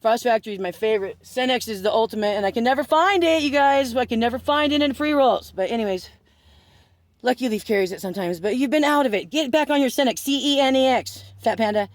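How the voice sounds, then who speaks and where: A man's voice: extremely high pitch, animated, quick pace, dry recording. A man telling a rambling, profane story, laughing through it and breaking into sarcastic asides. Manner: swears constantly, laughs through his story. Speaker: vlogger.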